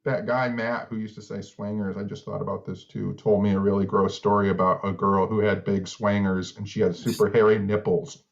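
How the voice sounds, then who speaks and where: A man's voice: lowish voice, flat delivery, brisk, vocal fry, hardly any pauses. A middle-aged man co-hosting a podcast, telling stories in a rambling casual way with lots of filler words. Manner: rambling storyteller, many "like" fillers. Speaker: podcast co-host. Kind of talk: casual chat. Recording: slightly dull lo-fi sound.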